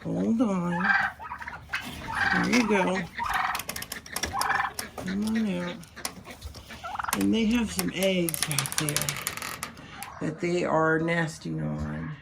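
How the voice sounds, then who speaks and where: Lady doing farm chores, slow gravelly voice, talks sing-songy to her animals, noisy outdoor audio w turkeys gobbling. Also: fairly even intonation. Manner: talks to animals in a high sing-song voice, voices what they think. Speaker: farm vlogger. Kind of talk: casual vlog narration while doing farm chores. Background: turkeys and fowl gobbling.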